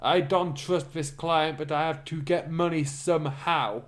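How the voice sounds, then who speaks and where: An aloof male detective who talks slowly and flatly, full of his own superiority, as a man reads him aloud. The tone is haughty. It comes from a mock reading of a fan story. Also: on the high side, lightly acted. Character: cold, arrogant male detective.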